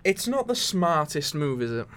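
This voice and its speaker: A man's voice: fairly high pitch, big pitch swings, moderate pace, a bit bright, slight background noise. A man with a Yorkshire accent co-hosting a podcast, chatting casually, joking and laughing often. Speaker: podcast co-host. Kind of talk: casual chat.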